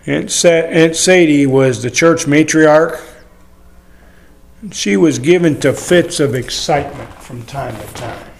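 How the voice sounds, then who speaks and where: Slow, high-voiced older preacher. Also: male voice, vocal fry, roomy sound. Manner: folksy storytelling preacher. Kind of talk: sermon.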